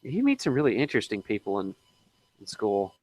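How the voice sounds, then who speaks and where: A man hosting a casual group livestream chat, talking in halting bits with lots of ums and restarts and frequent chuckles. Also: fairly low pitch, huge pitch swings, a little mellow, no echo. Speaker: livestream host.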